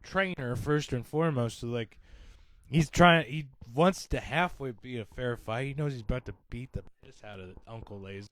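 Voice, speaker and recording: Animated male podcast storyteller. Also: mid-range voice, normal speed, no echo. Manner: animated storyteller, laughs while retelling. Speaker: podcast co-host. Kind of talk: casual chat.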